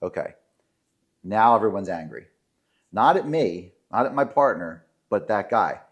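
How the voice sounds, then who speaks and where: A man's voice: lowish voice, lively intonation, measured pace, breathy edge. A man, co-hosting a podcast and telling self-deprecating referee stories with many fillers. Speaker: podcast co-host, sports referee. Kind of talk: casual storytelling chat.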